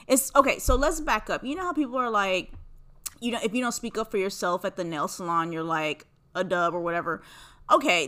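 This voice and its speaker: A young woman hosting a podcast, telling a long story in a casual monologue that is profane, animated and rambling. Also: medium pitch. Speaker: podcast host.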